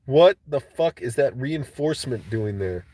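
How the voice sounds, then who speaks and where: A man's voice: mid-range voice, lively intonation, a little slow, warm tone, no room sound. A man hosting a livestream, ranting casually and angrily with lots of swearing. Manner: profane, agitated ranting. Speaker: livestream host.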